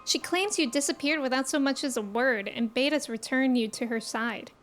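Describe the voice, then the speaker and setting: A poised young noble envoy who speaks with formal courtesy, read aloud by a woman in her own high voice. The lines come from a fantasy game. Faint music sits behind. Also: normal speed, fairly bright tone. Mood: courteous.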